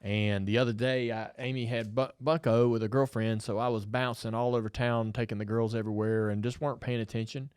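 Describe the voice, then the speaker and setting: This is a middle-aged man with a drawl, telling a story on a podcast in a relaxed, chatty way. He acts out what other people said as he talks. The mic is close and the sound is dry. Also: mid-range voice, a little fast, hardly any pauses, clear, resonant tone, no room sound. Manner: animated storyteller, acts out quotes. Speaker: podcast co-host. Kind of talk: casual storytelling chat.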